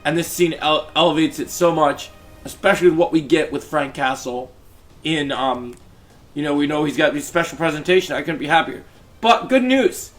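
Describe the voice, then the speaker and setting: A man's voice: on the high side, expressive, normal speed, soft background music. A man giving a casual, enthusiastic and rambling review of a TV episode. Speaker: TV show reviewer.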